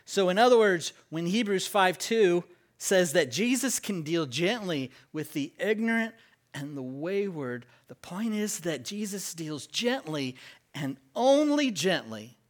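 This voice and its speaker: Leading worshippers in call-and-response, a pastor preaches with deliberate, forceful delivery. He stresses key words, and his pitch moves animatedly throughout the sermon.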